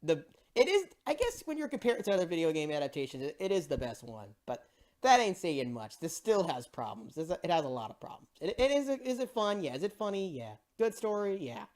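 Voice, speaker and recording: An excitable movie reviewer rants casually, swinging the pitch up and down a lot. The talk is exasperated and full of swearing and repeated "bro". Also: fairly quick.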